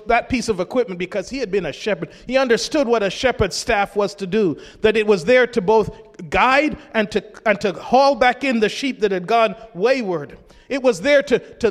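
High-voiced preacher in a reverberant hall. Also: male voice, moderate pace. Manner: rises into shouts to urge the congregation. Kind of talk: sermon.

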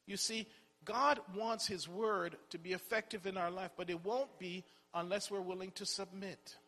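High-voiced man preaching in a hall. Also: fairly even intonation, normal speed, bright, forceful tone. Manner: conversational, rhetorical questions, repeats words. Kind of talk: sermon. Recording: long hall reverb.

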